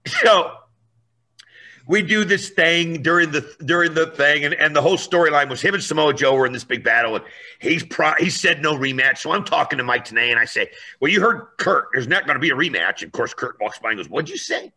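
A man telling a story in a lively, animated way, acting out voices and raising his voice for effect. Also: on the high side, fairly quick.

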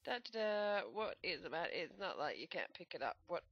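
A woman's voice: fairly low pitch, sing-song, fairly quick, slightly rough, highs cut off. A young woman doing playful, joking commentary on a video game. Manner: playful, joking, self-mocking. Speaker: gameplay commentator. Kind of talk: let's play commentary.

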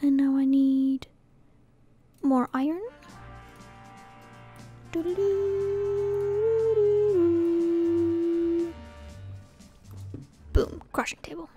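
A high-voiced woman talks her way through a game in an unhurried, murmuring way, often sinking into a near whisper as she thinks aloud. Faint music plays under her voice, and keyboard typing can be heard. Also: fairly even intonation, mellow, lo-fi sound. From Scotland. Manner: muttering to herself, often dropping to a whisper. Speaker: gaming channel host. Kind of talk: casual gameplay commentary.

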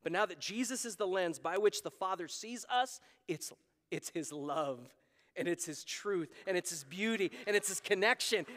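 High-voiced pastor preaching in an echoing hall. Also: male voice, a bit bright. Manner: conversational, earnest, acts out quoted voices. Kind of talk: sermon. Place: church sanctuary. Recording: long hall reverb.

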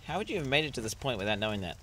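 A man streaming a video game with casual commentary, excitable and sarcastic, swearing a lot. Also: mid-range voice, racing, a little hiss or hum.

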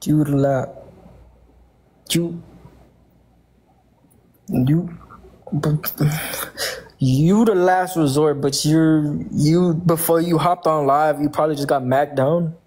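A man's voice: a little high, steady tone, slow pace, pauses often, a little mellow. A young man on a livestream, talking casual slang and teasing.

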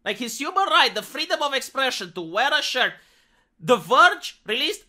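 Woman, from Romania, sarcastic ranting vlogger, swears a lot, very animated pitch. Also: normal speed. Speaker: commentary vlogger. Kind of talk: ranting commentary.

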